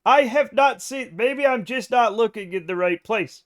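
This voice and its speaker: A middle-aged American streamer with a high-pitched voice chats loosely with his live viewers at a moderate pace. He jokes, swears freely, and keeps bursting into laughter.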